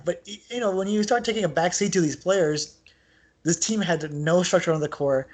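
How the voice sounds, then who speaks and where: Dude on a sports podcast, kinda high voice, rambles a lot, super animated. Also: male voice, normal speed. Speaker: podcast co-host. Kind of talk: casual sports chat.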